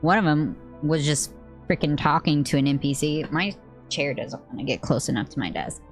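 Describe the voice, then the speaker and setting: A young woman streaming a game, chatting playfully with friends and chat, rambling and swearing with sudden high yelps. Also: moderate pace, faint music behind. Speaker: VTuber streamer. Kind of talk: casual gaming stream chat.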